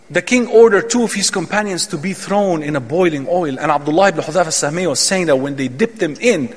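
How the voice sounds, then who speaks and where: Man preaching a story, dramatic and emphatic, fairly high voice, big hall echo. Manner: dramatic, emphatic retelling with quoted dialogue. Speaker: Islamic lecturer. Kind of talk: sermon storytelling. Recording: long hall reverb.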